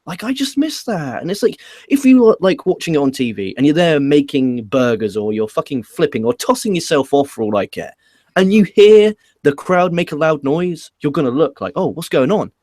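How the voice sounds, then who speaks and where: A man's voice: fairly high pitch, moderate pace, no echo, clean studio sound. A man with an English accent hosting a casual wrestling review, ranting and swearing as he talks. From England. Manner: profane, animated ranting. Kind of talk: casual podcast chat.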